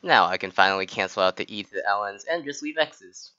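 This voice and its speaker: A man's voice: on the low side, lively intonation, a little fast, sharp tone, lo-fi sound. A young man from the United States narrating a calculus walkthrough with mock-arrogant, sarcastic boasting. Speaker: student tutor. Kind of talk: sarcastic math walkthrough voice-over.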